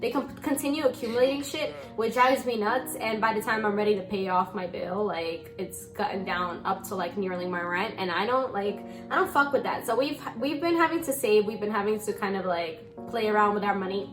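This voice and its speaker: A woman in her twenties telling a story in casual chat, animated and rambling, with a lot of swearing. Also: medium pitch, brisk, over music. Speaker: vlogger.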